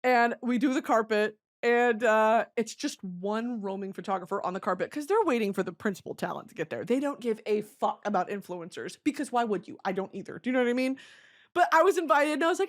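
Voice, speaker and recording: A woman's voice: fairly high pitch, very animated, fairly quick. A young woman podcast host telling comic stories casually, swearing, laughing often and jumping into voices. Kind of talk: casual comedic storytelling.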